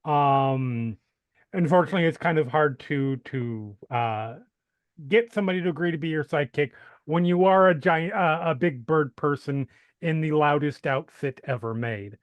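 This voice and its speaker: A man at a tabletop game rambling slowly and jokingly about his character. His voice is a little higher than usual, smooth and clear. The sound is dry and close. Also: no room sound, dull audio. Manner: slow, rambling, jokey. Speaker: player. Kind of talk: tabletop role-play.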